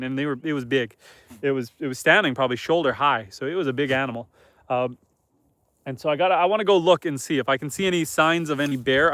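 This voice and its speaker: A man from Northern Canada walks his homestead with a phone camera, chatting to viewers in a loose, rambling way. His voice sits slightly high for a man. The sound is close and dry, with no reverb from the open air around him. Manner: relaxed, rambling, reads viewer comments aloud. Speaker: homesteader live-streaming host. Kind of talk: casual live-stream chat. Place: outdoors on a homestead farm among animals.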